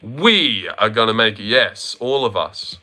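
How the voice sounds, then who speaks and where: A man's voice: on the low side, expressive, measured pace, pushed and bright. A young man hosting a casual livestream, reading viewer comments, joking and swearing as he banters with his chat. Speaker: livestream host reacting to viewers.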